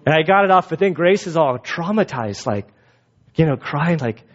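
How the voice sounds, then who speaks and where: A man's voice: fairly high pitch, animated, normal speed. Casual rambling male preacher. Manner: casual, rambling, self-interrupting. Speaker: pastor. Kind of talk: sermon with personal stories. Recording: dull muffled sound.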